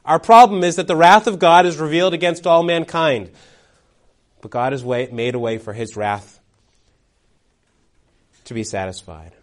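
A man preaching a sermon, telling a courtroom story dramatically, swinging between loud and hushed. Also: fairly high pitch, moderate pace, long pauses.

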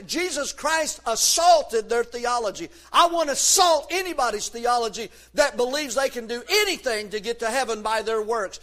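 A man preaching a sermon from the pulpit, fervent and emphatic, rising to shouts on key points. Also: extremely high pitch, moderate pace. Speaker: pastor.

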